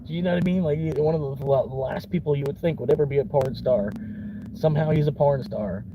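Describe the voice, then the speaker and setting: A man's voice: fairly high pitch, fairly quick, muffled recording. Laid-back man chatting from his car. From Florida. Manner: laid-back, chuckles often, swears casually. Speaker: vlogger. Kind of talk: casual rambling chat. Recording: car interior with vehicle noise.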